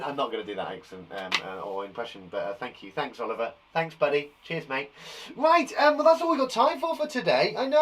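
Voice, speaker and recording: Upbeat man as a kids' teacher, slightly high voice with a very lively pitch, full of encouragement. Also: fairly quick, over music, low-quality recording. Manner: enthusiastic and encouraging. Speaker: primary school teacher. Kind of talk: live online lesson for young children. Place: garden shed.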